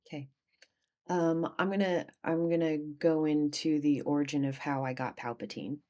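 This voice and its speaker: A young adult woman, a podcast guest, telling a candid personal story, animated, dropping quiet and then bursting out loud. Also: sits low, normal speed.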